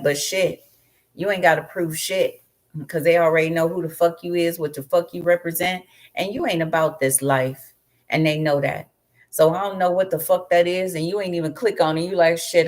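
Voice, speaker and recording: A woman giving a casual tarot card reading, talking bluntly with heavy swearing and rambling asides. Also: low voice. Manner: blunt, profane, rambling storytelling. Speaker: tarot reader.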